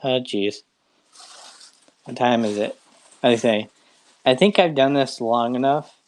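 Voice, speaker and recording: Brief: woman livestream host, quite deep voice, jokey and self-mocking, talking casually to her viewers. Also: slow, darkish tone.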